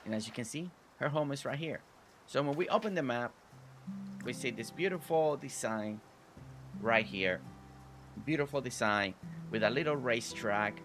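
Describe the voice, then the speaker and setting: Soft background music accompanies a man streaming a farming game in a medium-pitched voice at normal speed, pausing often. He reads chat aloud and gives friendly, warm thanks to viewers by name.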